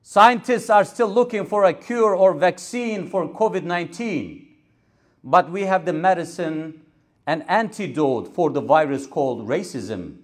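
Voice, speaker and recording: A man's voice: high-pitched, lively intonation, a little slow. Man preaching a rhetorical sermon. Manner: rhetorical, repetitive cadence with Arabic recitation. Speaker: imam. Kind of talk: Friday sermon. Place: mosque pulpit.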